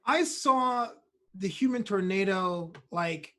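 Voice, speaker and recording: A man's voice: sits high, slow pace, fairly bright tone. A man, a comedian guest on a podcast, telling stories easygoingly and laughing often. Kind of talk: casual chat.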